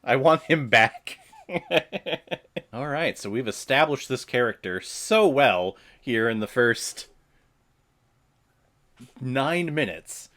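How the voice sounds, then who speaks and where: A man hosting a casual movie watch-along, reacting with excited, profane, laughing commentary. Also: mid-range voice, takes it slowly, long pauses.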